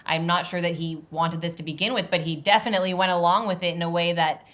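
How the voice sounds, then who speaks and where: A woman's voice: on the low side, fairly even intonation, fast talker. A woman journalist talking candidly as a podcast guest, wry and laughing now and then. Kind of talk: casual interview talk.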